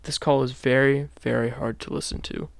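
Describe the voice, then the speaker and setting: A man giving a somber, measured scripted narration as a video host. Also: medium pitch, flat delivery, gravelly, dry recording.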